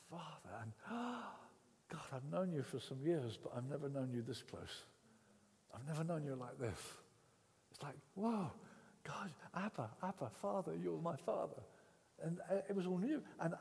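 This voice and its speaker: An older man from England preaching a sermon, telling his own story with repeated words and swings between loud and hushed speech. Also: mid-range voice, long reverb tail. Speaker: pastor. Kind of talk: sermon with personal testimony.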